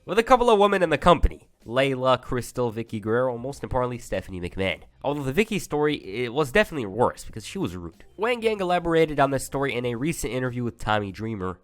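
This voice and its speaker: A man's voice: mid-range voice, fairly bright tone. Chatty young man recapping wrestling history. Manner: chatty, with offhand asides and fillers. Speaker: YouTube wrestling history narrator. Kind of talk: casual recap narration.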